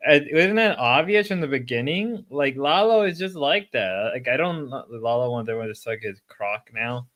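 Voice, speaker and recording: Sick, rambling male streamer with a bright voice. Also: medium pitch, animated, normal speed, hardly any pauses. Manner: rambling, with loud outbursts. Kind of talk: casual stream chat.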